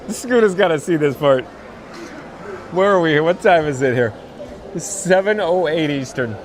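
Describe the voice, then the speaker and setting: A man's voice: a little high, lively intonation, moderate pace, long pauses, a little hiss or hum. Giddy man laughing on a live stream. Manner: laughing helplessly, giddy and rambling. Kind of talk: casual live stream chat. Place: outdoors at a theme park.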